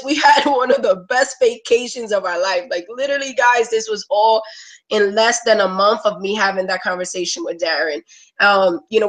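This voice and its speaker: This thirty-something woman's testimonial is heard through a low-quality recording, her mid-range voice carrying a slight brightness. Her account wanders, full of "like" and "you know," and she sounds near tears at moments.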